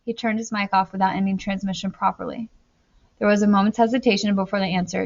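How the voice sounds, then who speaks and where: A woman's voice: medium pitch, steady tone, quick pace, gravelly, highs cut off. A woman reading a novel aloud as an audiobook narrator, telling the story steadily and lifting her voice in tense moments.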